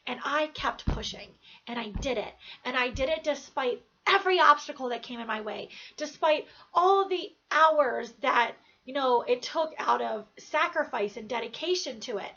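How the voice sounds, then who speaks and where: High-voiced woman doing an earnest pep talk, keeps repeating stuff for emphasis, kinda muffled lo-fi sound. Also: normal speed, sharp tone. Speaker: motivational speaker. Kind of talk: motivational talk to camera.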